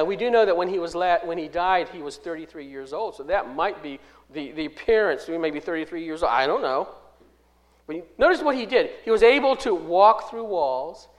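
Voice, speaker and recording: A man with a high, tenor voice delivers a sermon. He is emphatic, swinging between loud declarations and soft asides. He slows down to stress key phrases as he reads verses and explains them. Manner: reads scripture aloud and explains it. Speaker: preacher.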